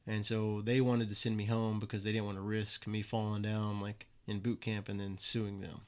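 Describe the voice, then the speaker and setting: A young man appears as a podcast guest, casually telling stories in a laid-back way, swearing freely and acting out quoted voices. His fairly low voice is delivered flatly at a moderate pace, with a darkish, clean tone.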